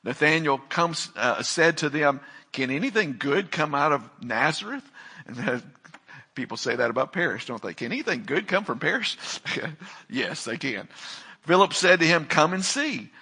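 A man's voice: fairly high pitch, expressive, a little slow, sharp tone, husky. A man preaching a sermon, reading scripture aloud, praying, then preaching with rising emphasis. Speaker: pastor. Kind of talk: sermon with Bible reading and prayer.

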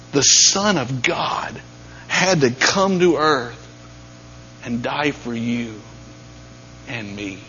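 A man preaching a sermon, dropping to near-whispers and then rising to loud, emphatic peaks. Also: mid-range voice. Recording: dull lo-fi sound with faint mains hum.

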